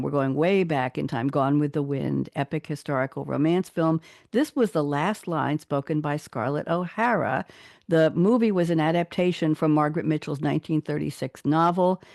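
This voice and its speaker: Woman radio host, dry close sound, chatty and fast, home studio. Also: deep voice, gravelly, dry recording. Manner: lively, quick and chatty. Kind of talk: casual radio interview.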